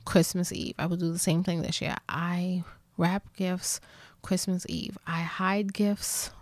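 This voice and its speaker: A woman's voice: lowish voice, a little mellow, no room sound. A woman hosting a podcast in casual chat, playful and chatty, laughing often and dropping into whispered asides. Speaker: podcast host.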